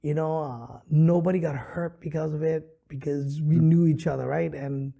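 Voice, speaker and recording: Man, middle-aged, gravelly, dark tone, animated storyteller, podcast mic. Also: on the high side, normal speed. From Hawaii. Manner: animated storyteller, many fillers. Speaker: comedian and guest. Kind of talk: casual interview storytelling. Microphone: studio podcast mic.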